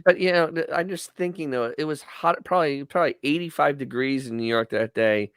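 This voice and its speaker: Podcast cohost guy, bit high voice, groans and overdone reactions, dry close sound. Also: a little fast, fairly bright tone, clean tone, no echo. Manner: groaning, disgusted, exaggerated reactions. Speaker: podcast co-host. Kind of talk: casual chat reacting to radio clips.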